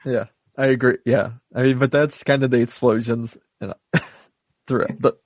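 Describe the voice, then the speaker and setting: A man's voice: mid-range voice, fairly even intonation, normal speed, no room sound. A man co-hosting a podcast, laid-back and agreeable, retelling scenes in casual chat. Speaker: podcast co-host. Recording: dry, dull lo-fi podcast audio.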